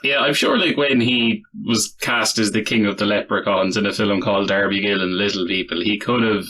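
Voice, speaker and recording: A young Irish man co-hosts a casual podcast, talking in a wry, meandering way and softening his opinions as he goes. His voice sits low yet comes across bright and forceful. A faint hiss runs underneath. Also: steady tone, a little fast, rough recording. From Ireland. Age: young adult. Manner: wry, rambling, hedging with "I would have said". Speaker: podcast co-host. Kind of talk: casual chat.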